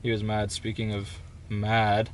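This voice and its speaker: A man's voice: on the low side, measured pace, slight background noise. A young man co-hosting a podcast, telling a story in casual chat and acting out the people in it. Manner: animated, quotes people in raised voices. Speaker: podcast co-host.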